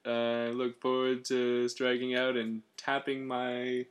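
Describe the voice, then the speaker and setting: A man's voice: mid-range voice, completely flat delivery, measured pace, a little hiss or hum. A man co-hosting a podcast, chatting in a laid-back, rambling, playful way. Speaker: podcast co-host. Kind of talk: casual comedic chat with improvised interview.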